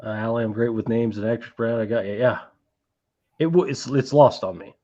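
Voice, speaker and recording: A man's voice: medium pitch, brisk, dark tone. A man hosting a casual movie-collecting live stream, rambling, swearing freely and reading out chat messages. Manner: rambling, profane, reads chat aloud. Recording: dull lo-fi stream audio.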